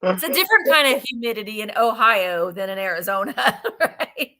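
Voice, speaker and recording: A woman with a medium-pitched, animated, sharp-toned voice hosts a live-streamed vintage sale at a moderate pace. She chats bubbly sales talk and greets viewers one at a time.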